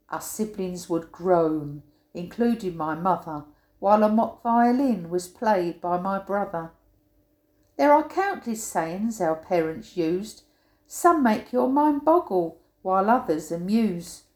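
A woman's voice: medium pitch, animated, unhurried, darkish tone. An older woman reading her own humorous rhyming poem aloud, giving quoted sayings a playful, punchy emphasis. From England. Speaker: poet. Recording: roomy echo.

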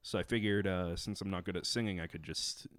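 A young man chatting as a podcast guest, halting with lots of fillers and restarts. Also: sits low, steady tone, fairly bright tone, no room sound. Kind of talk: casual chat.

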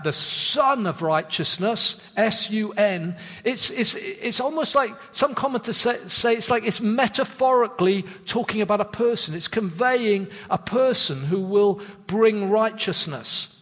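Male preacher, high-pitched, earnest and measured sermon delivery, long church-hall reverb. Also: fairly bright tone. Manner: earnest, measured, drops low for emphasis; repeats words when restarting a thought.

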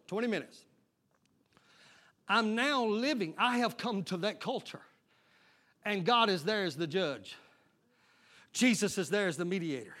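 A pastor preaching a sermon, breaking into shouted, call-and-response bursts. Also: male voice, high-pitched.

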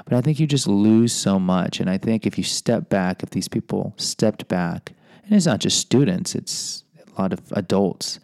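A middle-aged man with a lowish voice that comes across smooth and clean. He talks to camera in an earnest, thinking-aloud way, and the sound is close and dry. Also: expressive, normal speed, a little mellow, no room sound. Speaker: vlogger. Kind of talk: casual reflective monologue.

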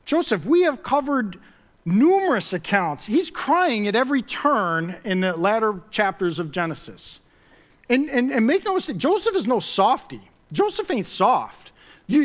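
A pastor with a high-pitched male voice delivers a sermon. He talks to the congregation in a casual, conversational way. He rises into emphatic swells and repeats key phrases for weight.

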